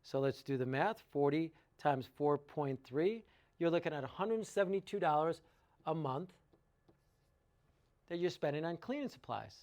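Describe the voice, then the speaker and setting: A man's voice: on the high side, expressive, normal speed, a little mellow. Upbeat man walking through cost math. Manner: enthusiastic, works sums aloud, asks rhetorical questions. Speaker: water treatment educator and salesman. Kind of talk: informal sales presentation.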